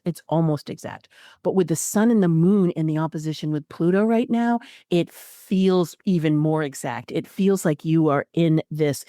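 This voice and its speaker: A woman hosting an astrology podcast, giving expressive spiritual guidance with frequent fillers. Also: fairly low pitch, no room sound, clean studio sound.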